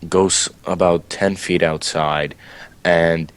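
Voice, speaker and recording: A man's voice: low-pitched, steady tone, slow pace, clear, resonant tone, dry recording. A man speaking as a player in a tabletop game, eagerly describing what his character does.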